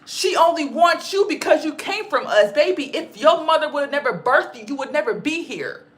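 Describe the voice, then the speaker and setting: A woman with a high, sharp, bright voice rants through a commentary vlog. She swears freely, hammers her points home by repeating them, and keeps calling her listeners "baby". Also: expressive, moderate pace. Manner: emphatic and profane, repeats lines for effect. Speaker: channel host.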